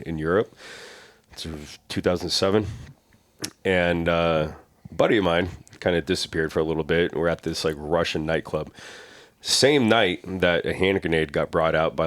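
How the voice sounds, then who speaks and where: A man's voice: a bass voice, no echo. A man hosting a casual podcast chat, telling stories and acting out quotes with a lot of energy. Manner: animated storyteller, acts out quotes loudly.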